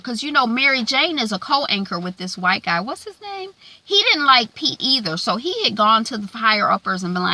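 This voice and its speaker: A woman's voice: lowish voice, vocal fry, sharp tone. A woman giving a casual, chatty recap of a TV episode, with plenty of fillers along the way. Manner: chatty, filler-heavy retelling. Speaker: TV recap vlogger.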